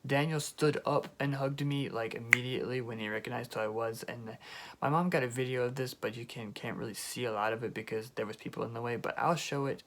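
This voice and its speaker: Young guy doing a storytime video, super excited, rambles a lot, mid voice. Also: medium pitch, a little fast, a little hiss or hum. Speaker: YouTuber. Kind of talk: storytime vlog.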